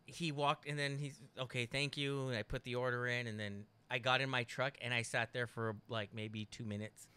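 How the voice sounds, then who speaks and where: A man co-hosting a podcast, telling a story in casual chat, animated and laughing often with rambling restarts. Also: mid-range voice, fairly quick, few pauses, smooth. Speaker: podcast co-host.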